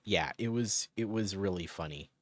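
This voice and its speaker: A man's voice: deep voice, normal speed, dry recording. A man chatting casually on a live stream, rambling as he answers viewers' chat.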